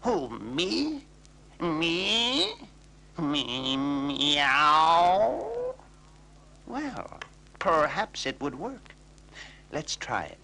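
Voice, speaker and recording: A wailing, weepy old tomcat. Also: male voice, huge pitch swings, takes it slowly, long pauses, pushed and bright, a little hiss or hum, full character voice. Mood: timid. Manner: high, whining wail with meows. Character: wailing old male cat, weepy and self-pitying.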